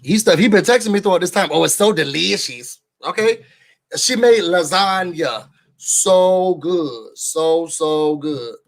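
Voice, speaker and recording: A man from New York reviewing a reality show for his viewers in casual chat, an animated, slangy storyteller. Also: high-pitched, measured pace. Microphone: studio microphone.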